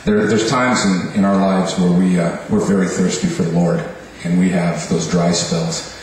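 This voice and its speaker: A worship leader with a deep, darkish voice and a steady tone casually introduces the next speaker to his congregation at a moderate pace. His intro is hesitant, rambling and filler-heavy, captured from afar in an echoing hall with a faint hum in the background.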